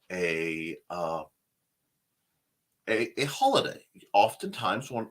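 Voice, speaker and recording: A man's voice: mid-range voice, a bit bright. Rambling, enthusiastic male show host. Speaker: host of a creative talk show. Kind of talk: casual livestream chat, answering viewer comments.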